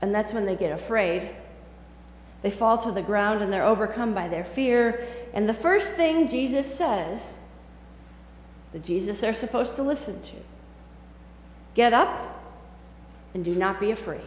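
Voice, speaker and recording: A woman pastor preaching a sermon in a conversational, animated storytelling way. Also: mid-range voice, moderate pace, echoey room, long reverb tail, slight background noise, poor audio. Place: church sanctuary.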